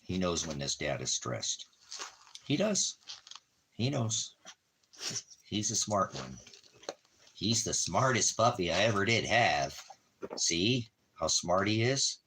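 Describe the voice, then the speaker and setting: A man talking softly to his dog in doting, repetitive baby talk, now and then addressing his viewers. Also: sits low, expressive, takes it slowly, a little hiss or hum. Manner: soft, doting baby talk with repeated phrases. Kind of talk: casual talk to a pet.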